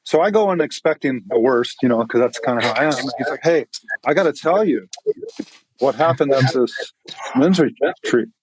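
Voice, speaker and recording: A man's voice: mid-range voice, expressive, normal speed, slight background noise, low-quality recording. A man, a pastor, tells an emotional story in a podcast interview with an earnest manner and many restarts.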